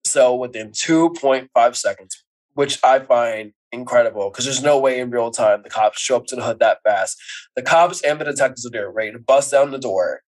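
Podcast co-host, male, mid-pitched, chatty animated recap delivery. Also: moderate pace, rough recording. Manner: animated storytelling, acts out characters' lines with laughs. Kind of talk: casual movie recap chat.

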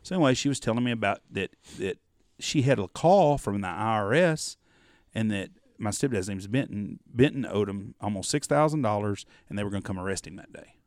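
A man's voice: on the low side, brisk, dry recording, studio quality. A man, a podcast co-host telling a story in casual chat, swearing freely and acting out the voices of the people in it. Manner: profane, animated storyteller, acts out quoted voices.

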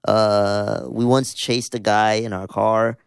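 A man's voice: on the low side, level tone, slow pace, gravelly, clean tone, no room sound, studio quality. A man in his thirties from Southern California, a musician telling stories in casual chat, rambling with lots of fillers and swearing. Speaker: musician guest.

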